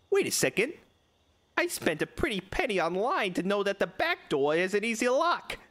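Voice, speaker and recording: A man's voice: sits high, a bit bright. A man streaming a video game with casual, joking commentary and frequent swearing.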